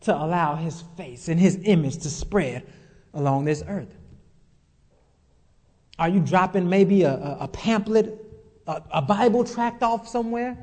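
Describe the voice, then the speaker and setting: A man preaching to a congregation in a voice pitched well above most men's. He builds his points by repeating phrases and firing questions at the room. His words trail off into a long church-hall reverb. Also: lively intonation, measured pace, long pauses, darkish tone. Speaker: pastor. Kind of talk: sermon.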